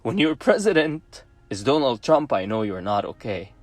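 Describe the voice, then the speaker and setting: A man's voice: medium pitch, very animated, moderate pace, no echo. A man in his thirties from Egypt, speaking English with an Egyptian accent, whose native language is Arabic. He delivers an emotional personal monologue, pleading and defiant, and repeats phrases for emphasis.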